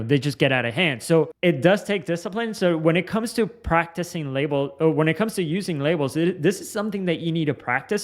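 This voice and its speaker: A man giving a casual instructional talk on sales and communication, explaining loosely with frequent restarts and "like.". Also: on the high side.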